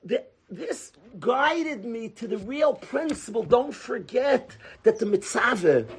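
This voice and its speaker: A man giving an animated Torah class. He talks emphatically, repeats key phrases and asks rhetorical questions. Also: extremely high pitch, takes it slowly.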